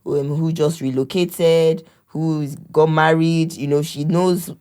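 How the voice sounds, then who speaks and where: A woman's voice: low-pitched, fairly even intonation, slow. A middle-aged woman, a podcast guest, telling family stories in casual conversation. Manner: warm storytelling, acts out family members' lines.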